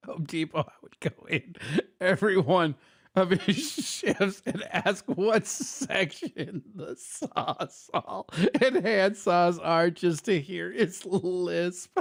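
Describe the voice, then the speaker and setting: A high-voiced man with a lively, swooping delivery. He reacts to another man's livestream with constant laughter and ridicule, sometimes slipping into a silly put-on customer voice. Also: slow, vocal fry, no room sound, clean studio sound. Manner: mocking, laughs often, does a nerdy customer voice. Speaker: stream commentator. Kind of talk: mocking reaction commentary.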